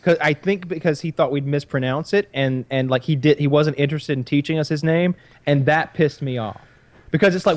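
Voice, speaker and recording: Man telling a crude, rambling anecdote; a bit higher-pitched, dry close sound. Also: fairly quick, no room sound. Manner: profane, rambling, animated. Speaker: podcast storyteller. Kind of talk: casual storytelling.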